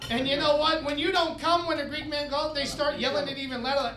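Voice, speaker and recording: High-voiced man doing stand-up in an echoey club. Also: fast. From United States. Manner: animated, punchy delivery, shouts impressions of his father. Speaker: stand-up comedian. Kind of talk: stand-up comedy set. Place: comedy club stage with live audience. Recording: echoey club with crowd laughter.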